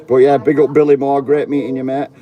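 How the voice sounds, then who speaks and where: A man's voice: mid-range voice, flat delivery, fast talker, muffled recording. A man, chatting casually outdoors in the rain, joking and swearing freely. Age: 30s. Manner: chatty, swears a lot, jokey banter. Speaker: vlogger. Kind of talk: casual chat to camera. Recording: outdoor crowd noise. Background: crowd chatter.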